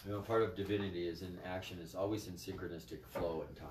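A man's voice: deep voice, fairly even intonation, fast talker, background noise. A man leading a spiritual group on a livestream, talking in a profane, scolding way. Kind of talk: livestream talk. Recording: echoey room, mic at a distance.

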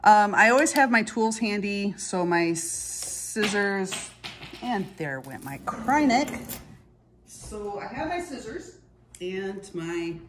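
A woman's voice: medium pitch, animated, slow pace, background noise. A middle-aged woman chatting casually and joking about herself as she demonstrates stitching techniques at home. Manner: chatty, joking, self-deprecating. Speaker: cross-stitch vlogger. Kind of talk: casual tutorial chat.

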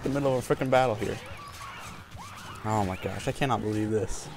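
A man casually commenting while playing a video game, sick with a cold, chatty, often laughing and quickly getting frustrated. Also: on the low side, darkish tone, a little hiss or hum. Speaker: gameplay video host. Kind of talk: casual let's play commentary.

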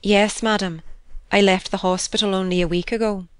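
A woman voicing a meek, frail young governess with a composed, quietly penetrating manner. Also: mid-range voice, level tone, normal speed, smooth, no echo, natural voice.

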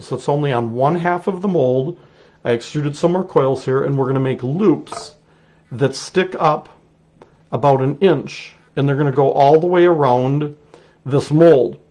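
A middle-aged man with a Wisconsin accent, demonstrating a clay technique in a relaxed, chatty way as he works. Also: on the high side. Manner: relaxed, chatty, explains while working. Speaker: clay artist teaching a technique. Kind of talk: casual live demonstration.

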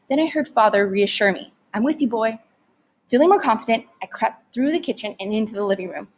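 A woman reading a memoir story aloud as a teacher, in a steady, gentle storytelling manner. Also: medium pitch, husky.

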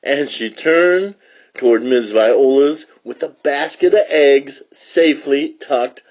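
Husky, slow, very animated male read-aloud storyteller. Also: medium pitch. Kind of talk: expressive children's story reading.

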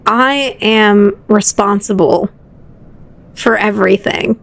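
A woman's voice: fairly high pitch, normal speed, creaky. A woman hosting gameplay commentary, chatty and theatrical with a self-mocking streak. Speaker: gaming channel host.

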